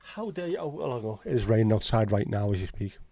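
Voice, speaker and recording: A man's voice: lowish voice, expressive, quick pace, warm tone. A man with a Scouse accent hosting a livestream, chatting casually and answering viewers in blunt, sweary banter. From Liverpool, England. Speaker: livestream host. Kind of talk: casual chat reading live comments.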